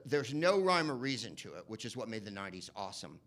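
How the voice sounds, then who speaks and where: A man doing stand-up comedy, rambling and profane, slipping into quick voice impressions. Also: lowish voice, big pitch swings, fairly bright tone. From United States. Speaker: comedian and podcast host.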